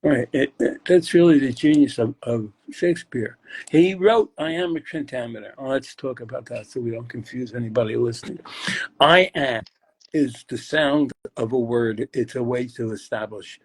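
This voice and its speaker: An older man with a husky, slightly breathy voice talks about poetry and its rhythms as a guest. He rambles and stops to search aloud mid-thought, at an ordinary pitch for a man. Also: normal speed. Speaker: guest poet. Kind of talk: casual chat explaining poetry.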